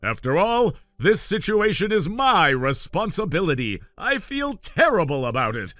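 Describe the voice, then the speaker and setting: A man voicing an ailing father who speaks gently and pleads with his son. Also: sits high, big pitch swings, moderate pace, no echo. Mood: pleading. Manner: soft-spoken, pleading. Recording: dry, faint music behind.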